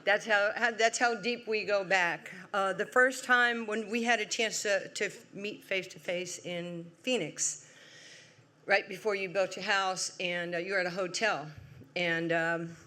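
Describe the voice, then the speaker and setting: A woman in her sixties with a New York accent, giving an award acceptance speech as a lively, humorous storyteller. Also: medium pitch, a little slow. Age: 60s. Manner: lively, humorous storyteller, acts out quoted voices. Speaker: award honoree. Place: large event hall.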